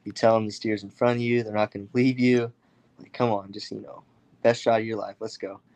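A young man from the United States recounts a story in a casual, animated way. His voice sits a little low, and he jumps into other people's voices for the quoted lines. His talk is loose, with plenty of fillers. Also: brisk. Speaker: guest storyteller.

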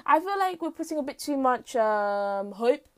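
A woman's voice: high voice, expressive, moderate pace. A teenage girl hosts her own podcast from home, rambling off the cuff in a playfully dramatic way and sounding tired. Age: teens. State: tired, lightheaded. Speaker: podcast host. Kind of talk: unscripted casual monologue. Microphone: home mic.

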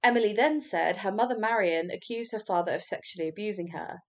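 Recounting a true crime case on a podcast, this woman is chatty and casual, with a medium-pitched voice. She laughs readily and lets the odd swear word slip.

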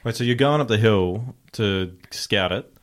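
Low-voiced guy hosting, slow and laid back, asks quick follow-ups. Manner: checks the story with short questions. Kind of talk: casual interview questions.

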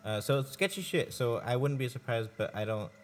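A man's voice: mid-range voice, animated, fairly quick, slight background noise. A man co-hosting a podcast in casual chat, speaking hesitantly with many fillers. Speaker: podcast co-host.

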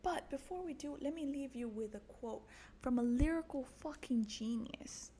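There's slight background noise as a young woman with a high-pitched, dark-toned voice talks at a normal speed. It's her own podcast, a casual solo monologue where she's crude and self-mocking, swears freely, and laughs at her own jokes.

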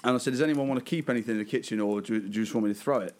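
Quick-talking man telling a story. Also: medium pitch. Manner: laughing, swearing, lively anecdote telling. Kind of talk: casual storytelling chat.

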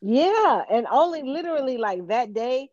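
A wry woman co-hosts a casual podcast and laughs often. Her voice is a little high and swings up and down a lot. It comes through a dull, muffled remote line. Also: animated, moderate pace, darkish tone, no room sound. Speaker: podcast co-host. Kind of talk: casual chat.

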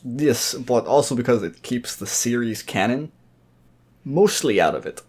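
A man's voice: mid-range voice, lively intonation, measured pace, a little mellow, breathy edge. Blunt, opinionated man on a podcast. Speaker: podcast co-host. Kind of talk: casual podcast chat.

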